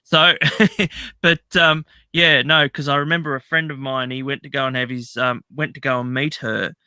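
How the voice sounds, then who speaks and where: Host, man, very bright and lively voice, dry sound. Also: medium pitch, clean tone, dry recording. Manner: animated, stammering, quick laughs. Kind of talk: casual chat.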